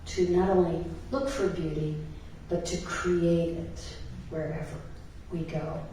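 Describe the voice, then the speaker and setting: A woman minister delivers a sermon, telling stories in an unhurried, chatty way with plenty of ums and laughs. Her voice rings through a very echoey church and sounds a little far from the microphone, with a faint hiss behind it. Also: on the low side, fairly even intonation. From Ireland. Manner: warm storytelling with laughs and filler words. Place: church sanctuary. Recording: echoey church hall from a distance.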